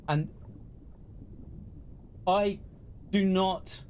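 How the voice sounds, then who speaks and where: A man's voice: on the high side, measured pace, darkish tone, a little hiss or hum. A man from the UK, talking straight to viewers on a livestream in an impassioned, sweary, repetitive rant.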